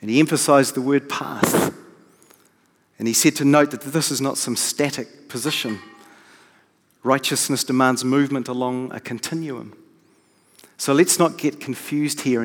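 A man preaching a sermon from the pulpit in a measured, deliberate way with pauses. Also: medium pitch. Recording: long reverb of a large hall.

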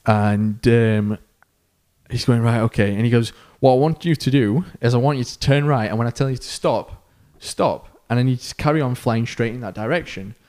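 A man on a podcast, spinning a story in a relaxed, chatty way. He acts out each person's lines with lively swings in pitch and loudness, and he fills the pauses with ums and uhs. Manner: animated storyteller who acts out quoted voices, with fillers. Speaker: podcast co-host. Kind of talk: casual storytelling.

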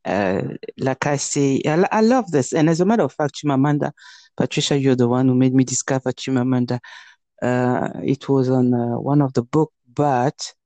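A woman's voice: a bass voice, dark tone, dry recording. An earnest Congolese woman speaks English with a French accent, co-hosting a casual podcast. She often halts and restarts mid-thought. Her voice is close and dry, with no room sound. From Democratic Republic of the Congo. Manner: earnest, halting, with many restarts. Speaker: podcast co-host.

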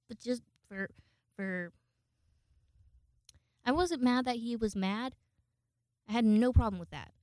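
A woman's voice: on the high side, no echo. A woman telling a rambling personal story in casual, profane chat, close to her microphone at home. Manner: chatty, profane, rambling with frequent fillers. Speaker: vlogger. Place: home, indoors.

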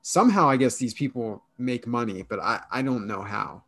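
A podcast co-host rambles through a casual chat, restarting as he hunts for words. His mid-range voice has lively intonation, a moderate pace and a fairly bright tone, captured in a dry, studio-quality recording.

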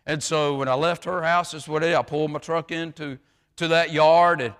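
A man preaching a sermon as pastor, swinging from shouts down to hushed asides with many fillers. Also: fairly high pitch, fairly even intonation, fairly quick, clean tone. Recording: long hall reverb.

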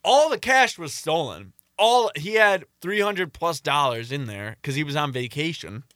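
Young male storyteller, bright forceful tone, dry close sound, lively acted-out quotes. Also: on the high side, normal speed, no echo. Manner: animated storytelling, acting out quotes. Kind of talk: casual podcast chat.

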